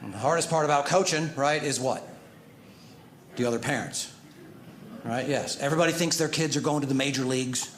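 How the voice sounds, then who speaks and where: A man's voice: mid-range voice, a little fast, pauses often. A man in his thirties doing a stand-up set on a club stage into a handheld mic, chatty and peppered with "right?". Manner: conversational, peppered with "right?", animated when mimicking. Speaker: stand-up comedian. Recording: echoey club with audience noise.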